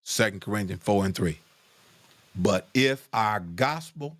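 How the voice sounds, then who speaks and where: A man's voice: expressive, measured pace, fairly bright tone, no echo, studio quality. A man preaching a sermon with fervor, calling out "glory" and asking "hmm?" between scripture readings. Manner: fervent, repeats "glory be to God" and "hmm?", pitch climbs when stirred.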